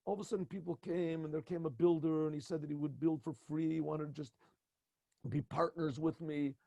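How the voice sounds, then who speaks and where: Proud innkeeper in a told story, voiced by a male narrator; eager, husky voice. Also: fairly high pitch, steady tone, brisk, dark tone, dry recording, muffled recording.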